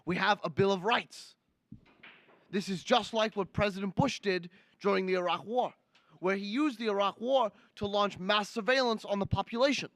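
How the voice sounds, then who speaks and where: A young male student livestreamer with a high, slightly bright voice does a comic impression of an indignant older Brooklyn senator, ranting, wagging his finger, and repeating his outrage lines. He talks at a normal speed, and there's no room sound.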